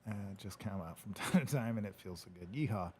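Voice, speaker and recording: A man's voice: on the low side, a little fast, a little hiss or hum. A man hosting a casual livestream, reading viewer comments in a laid-back, joking way and swearing now and then. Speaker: podcast host reading live comments. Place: home studio.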